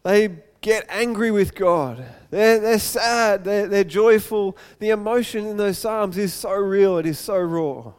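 A man's voice: high-pitched, a little slow, hardly any pauses, clean tone, long reverb tail. A pastor preaching a sermon, earnest and often repeating words as he goes.

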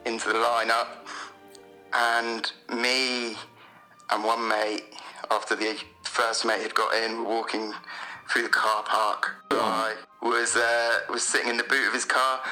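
A man from Bristol, England, calling in to tell a story on a podcast in a relaxed, hedging way. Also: medium pitch, poor audio. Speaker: caller. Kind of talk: telling an anecdote on a podcast call.

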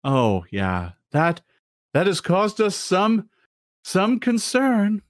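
A man running a tabletop game as game master, with halting, amused narration. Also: high-pitched, wildly swooping pitch, no echo, studio quality.

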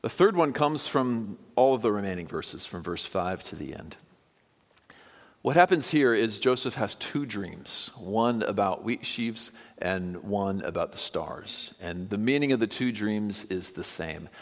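A man preaching a sermon with emphatic stresses that drop to quiet, almost whispered asides. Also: lowish voice, expressive, measured pace. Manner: emphatic, swings from loud stresses to quiet drops. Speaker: pastor. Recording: long hall reverb.

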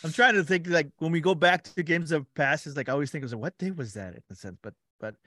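A man's voice: a little high, animated, fast talker, bright, forceful tone, no room sound. A man co-hosting a sports podcast in casual chat, telling stories with many fillers and restarts. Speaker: podcast co-host.

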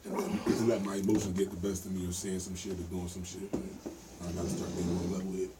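A man's voice: low voice, level tone, brisk. A man in a casual group discussion, rambling about controlling his emotions and often asking "you know what I'm saying". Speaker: podcast participant. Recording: distant mic with faint noise.

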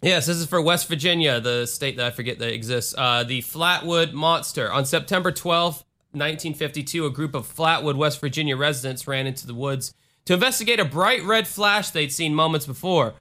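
Man from Florida, comedy podcast co-host; bright, raised voice, irreverent and profane. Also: a little high, a little fast. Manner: irreverent, swears freely, reads aloud with asides. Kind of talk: casual comedic podcast chat.

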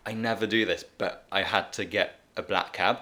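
A man with a low pitch and a bright, forceful tone tells a rambling story in relaxed podcast chat. He talks in an easy way, with small restarts and asides. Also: normal speed. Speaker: podcast co-host. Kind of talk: casual chat.

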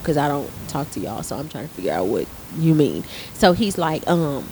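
A woman's voice: low voice, fairly quick, few pauses, a little hiss or hum, low-quality recording. A woman in her thirties, a theater arts teacher, chatting casually and telling a work story with lots of swearing and acted-out quotes. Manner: animated storytelling with profanity, acting out quotes. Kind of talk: casual podcast chat.

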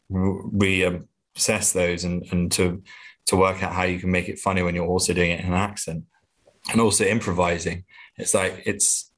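A man's voice: low-pitched, a bit bright. A man and comedian, chatting as an interview guest in a hesitant, self-deprecating way with many restarts. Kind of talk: casual interview chat.

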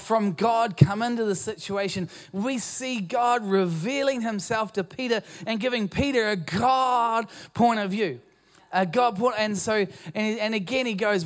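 Fairly high-voiced New Zealand pastor preaching. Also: male voice. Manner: conversational, self-deprecating preaching with restarts. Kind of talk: sermon. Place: church auditorium.

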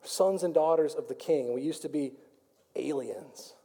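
A man preaching a sermon as pastor, building to fervent calls and rapid questions to his congregation. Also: fairly high pitch, dark tone, husky. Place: church sanctuary. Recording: long reverb of a large hall.

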